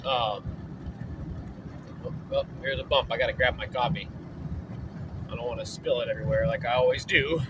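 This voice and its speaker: A man's voice: mid-range voice, normal speed, pauses often, background noise. A man vlogging casually while driving, loose and profane, trailing off with fillers. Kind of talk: casual rambling vlog. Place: in a moving vehicle on an early morning drive.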